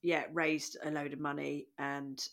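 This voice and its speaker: A woman from England, a comedian and podcast guest, chatting in an animated, self-mocking, rambling way. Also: low-pitched, measured pace, gravelly. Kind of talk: casual interview chat.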